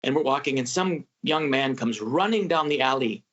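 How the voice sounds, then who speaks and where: A male travel podcast host tells a story in a casual, animated manner, acting out the voices of the people he quotes. His medium-pitched voice moves at a moderate pace, and the audio is muffled and lo-fi.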